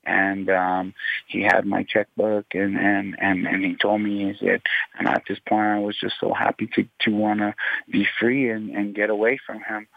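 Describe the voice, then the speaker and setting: A man telling a personal story as a radio show guest, talking in halting bursts with many repeated restarts. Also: lowish voice, level tone, gravelly, no echo. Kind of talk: emotional personal account. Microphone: phone. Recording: tinny phone line.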